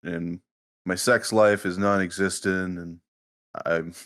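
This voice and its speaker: Low-voiced man, deadpan and dry. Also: slow pace. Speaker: podcast co-host. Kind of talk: casual chat.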